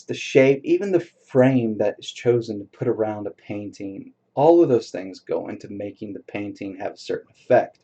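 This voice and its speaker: A man lecturing a college poetry class in a relaxed, casual way, reading poems aloud slowly with a strong beat. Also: lowish voice, highs cut off. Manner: relaxed, casual teacher talk with fillers. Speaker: college instructor. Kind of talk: recorded lecture.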